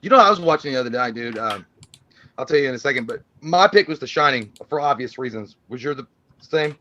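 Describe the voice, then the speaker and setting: A man's voice: mid-range voice, lively intonation, fast, sharp tone, muffled recording. A young man co-hosting a live horror movie stream, swearing, joking and laughing through crude casual banter. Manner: profane, joking, laughs often.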